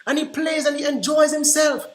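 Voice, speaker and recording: Animated man telling classroom stories, roomy echo. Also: extremely high pitch, normal speed. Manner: animated, acts out quoted dialogue. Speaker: workshop presenter for early childhood teachers. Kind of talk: storytelling presentation. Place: conference room.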